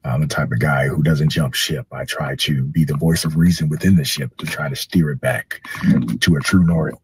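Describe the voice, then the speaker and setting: A weary, low-energy man talking slowly and quietly from his parked car. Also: steady tone, slight background noise, poor audio. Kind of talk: personal social media statement.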